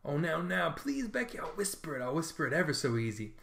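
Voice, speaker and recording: A man's voice: fairly high pitch, very animated, brisk, gravelly, a bit bright, exaggerated voice. A man voicing an eager, boastful young schoolboy in a storybook reading, wheedling and keen.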